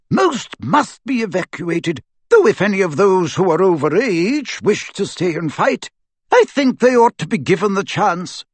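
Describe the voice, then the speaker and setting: A man's voice: sits high, slightly rough, no room sound, pitched above the performer's own voice, full character voice. A man reading an audiobook, voicing a stern older woman professor, bitter and commanding.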